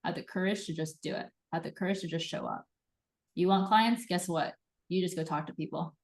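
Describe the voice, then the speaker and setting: A woman hosting a live card reading, enthusiastic and animated, acting out little quoted voices as she coaches. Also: fairly low pitch, a little fast. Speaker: host and intuitive reader.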